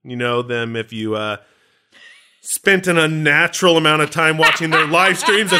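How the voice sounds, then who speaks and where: A man co-hosting a podcast in casual, joking banter, animated and self-mocking. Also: on the high side, normal speed, slight background noise. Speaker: podcast co-host.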